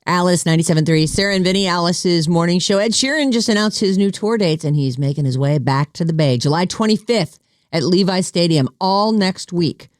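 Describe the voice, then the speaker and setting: Chatty lively radio co-host woman. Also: fairly low pitch, dry recording, clean studio sound. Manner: lively, chatty, quick to react. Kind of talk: casual radio banter.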